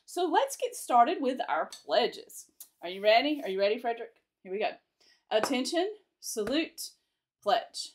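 A woman leading a livestreamed chapel lesson for children from a schoolroom, talking in an animated, sing-song, coaxing way. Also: a little high, a little slow. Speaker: teacher leading online chapel. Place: schoolroom indoors. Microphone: microphone at a desk.

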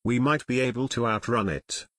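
A man voicing a calm, grim adult pilot in an audiobook, speaking steadily. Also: medium pitch, normal speed, no room sound, natural voice.

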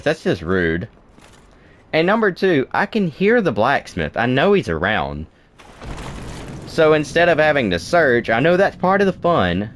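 Excitable young man talking to a game. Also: mid-range voice, slight background noise. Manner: talks to the game, playful and excitable, yelps. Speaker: gaming video host. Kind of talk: let's play commentary.

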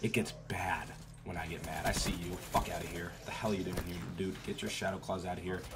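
A man giving profane, trash-talking commentary over a shooter game, with sudden loud outbursts. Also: low voice, little pitch movement, fairly quick. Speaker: gaming YouTuber. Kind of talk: gameplay commentary.

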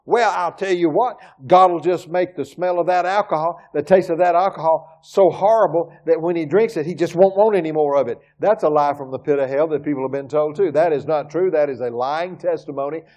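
A middle-aged pastor preaching in a church with a fairly high-pitched voice. He talks emphatically, jumping between loud, driving points and quiet, near-muttered asides to the congregation. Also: a little fast, hardly any pauses. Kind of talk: sermon. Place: church sanctuary.

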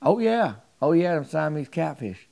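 A man's voice: medium pitch, a little fast, darkish tone, close to an everyday voice. A man voicing a dead-serious storyteller, telling an unbelievable fishing tale in an insistent, matter-of-fact drawl.

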